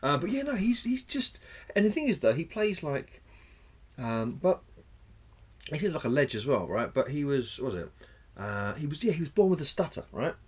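A man's voice: on the high side, very animated, moderate pace, breathy edge. A man co-hosting a podcast in casual chat, rambling, swearing freely and searching for names mid-sentence. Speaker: podcast co-host.

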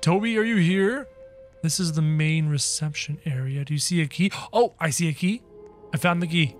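A man hosting a gaming video, giving excited play-by-play commentary and talking straight to his viewers, often acting scared. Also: on the high side, moderate pace, faint music behind. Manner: excitable, talks to viewers as guys, mock-scared.

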